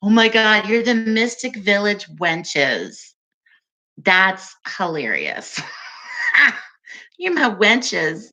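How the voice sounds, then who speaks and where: A woman hosting a casual livestream, chatting with viewers in a soft, calming voice and an unhurried, giggly way. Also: mid-range voice. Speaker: livestream host.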